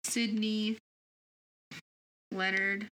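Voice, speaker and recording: A teenage girl chatting casually with a friend, giggling often and reeling off names in a flat run. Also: mid-range voice. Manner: giggly, lists names in a rapid deadpan run. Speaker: student. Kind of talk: casual chat.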